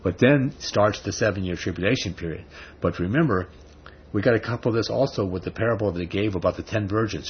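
Low-voiced man preaching a casual sermon. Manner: conversational preaching, rising to emphatic rhetorical questions. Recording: dull lo-fi recording with faint background noise.

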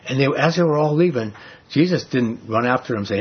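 A man's voice: medium pitch, animated, fast talker, breathy edge, highs cut off. A man preaching a sermon, telling a personal story earnestly with frequent restarts.

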